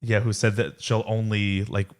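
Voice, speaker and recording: A young man co-hosting a podcast in a loose, casual way, leaning on "like" as filler. His voice sits a little low. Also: flat delivery, normal speed, darkish tone. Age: young adult. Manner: casual, fills with "like". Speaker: podcast co-host, son.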